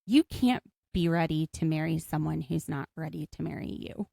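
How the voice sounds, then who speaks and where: A woman's voice: sits low, creaky, warm tone, dry recording, studio quality. A woman co-hosting a podcast, chatting casually and joking as she recaps a show. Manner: chatty, jokey, quick asides. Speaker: podcast co-host.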